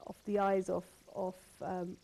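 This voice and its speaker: A woman's voice: lowish voice, monotone, a little slow, creaky, dark tone. A woman hosting a phone-in talk show, speaking earnestly and repeating words as she builds her points. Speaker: host.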